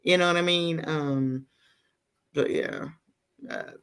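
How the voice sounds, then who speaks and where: Low voiced woman cohost, aave, takes her time, gossipy candid stories. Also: big pitch swings, slow, vocal fry, a bit bright, smooth. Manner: candid, storytelling, drops to a whisper for gossip. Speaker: podcast co-host. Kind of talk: casual chat.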